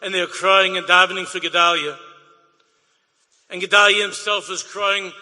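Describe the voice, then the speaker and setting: A man's voice: high voice, steady tone, normal speed, long pauses, bright, forceful tone, long reverb tail. A man, a rabbi, tells an emotional story to an audience, dropping Yiddish and Hebrew words and repeating his phrases.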